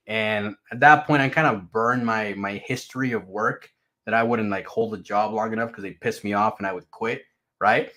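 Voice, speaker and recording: A man casually telling his life story to viewers, animated and full of swearing, swinging between loud bursts and low mutters.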